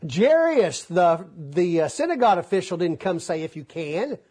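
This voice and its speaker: Male preacher, fairly high husky voice, folksy and animated, acts out scripture. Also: normal speed. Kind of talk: sermon.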